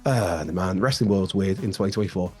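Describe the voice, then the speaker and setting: Slightly raspy man chatting wrestling news. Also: low voice, brisk. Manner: chatty, many fillers and restarts. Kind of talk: casual news commentary.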